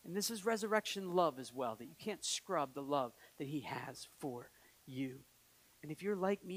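A man's voice: on the high side, animated, moderate pace, a bit bright. A man preaching a sermon as pastor, earnest and building to emphatic peaks, with light laughs between points. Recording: long hall reverb.

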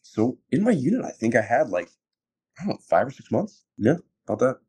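A man, a former Marine, telling stories from his service in a relaxed, casual way, laughing often and acting out the things people said to him. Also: medium pitch, brisk, slightly rough. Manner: laid-back, laughs often, acts out quoted exchanges. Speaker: interview guest, former Marine. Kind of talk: casual storytelling. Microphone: phone.

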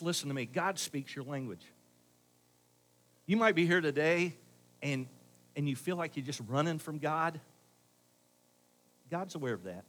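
In a slightly high male voice, a middle-aged pastor delivers his sermon as a conversation with the congregation, alternating loud, emphatic moments with quiet asides.

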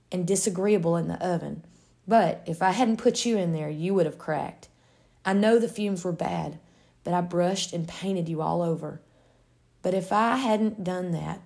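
Woman reading a patient potter guy, steady and low, gravelly. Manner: steady, explaining gently. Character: patient male potter, calm and reassuring.

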